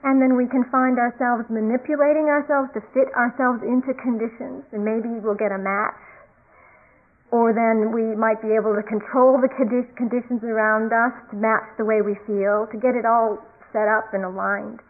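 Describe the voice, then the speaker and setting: A woman meditation teacher giving a reflective dharma talk. She speaks calmly and circles back to repeat key phrases. Her voice sits a little high, and the recording is thin and tinny, like a phone line. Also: normal speed.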